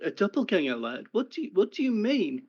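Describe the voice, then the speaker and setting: A man doing a worried, fatherly old uncle, pitched high. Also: sing-song, brisk, a little mellow. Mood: puzzled. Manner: fatherly, calls the listener lad. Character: older male uncle, worried and tender. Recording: dull lo-fi recording.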